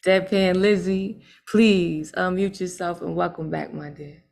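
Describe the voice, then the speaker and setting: A woman's voice: lowish voice, fairly even intonation, measured pace, vocal fry, a little mellow. A woman hosting an online open mic over a video call, talking in emphatic, streetwise banter with lots of tag questions.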